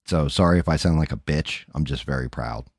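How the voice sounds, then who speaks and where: A man's voice: a bass voice, fairly quick, no room sound, clean studio sound. A middle-aged man hosting a livestream, chatting casually and candidly with his viewers in a rambling way, swearing freely. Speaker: livestream host. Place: home.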